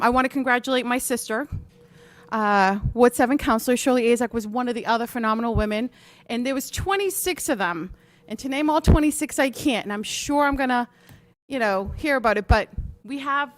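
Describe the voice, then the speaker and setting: A woman chairing a public school meeting, speaking earnestly with frequent filler pauses. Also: fairly high pitch, no room sound.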